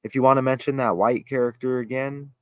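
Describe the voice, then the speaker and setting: Excitable rambling man hosting a livestream. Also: medium pitch, a little fast, clear, resonant tone, no echo. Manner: excitable, rambling, thinks aloud while reading. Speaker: host. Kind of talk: casual livestream chat.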